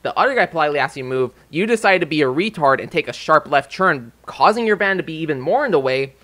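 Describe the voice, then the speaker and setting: Young man, vlogger, slightly high pitch, bright forceful tone, profane, heated casual rant. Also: expressive, quick pace.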